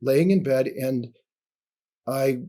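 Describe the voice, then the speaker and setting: A man in his sixties, a podcast guest sharing a personal testimony in an earnest storytelling way, often dropping soft and low. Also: slow. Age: 60s.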